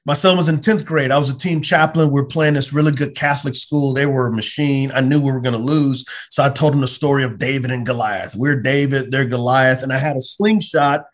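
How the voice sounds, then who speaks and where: A middle-aged man, a pastor, telling personal stories in an earnest, animated way with frequent stammered restarts. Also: mid-range voice, brisk, few pauses. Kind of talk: conversational storytelling.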